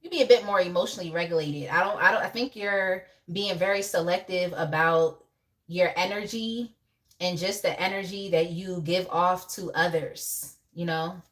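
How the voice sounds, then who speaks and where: A woman's voice: fairly low pitch, normal speed, fairly bright tone. A young woman hosting a casual live tarot reading, chatty and laughing often as she talks to viewers in the chat by name. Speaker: tarot reader on a live stream.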